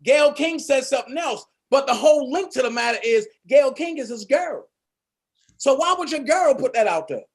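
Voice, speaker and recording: A man's voice: extremely high pitch, animated, a little fast, breathy edge. A man hosting a casual talk show, blunt and heated, swearing freely as he speaks. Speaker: host. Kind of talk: casual chat.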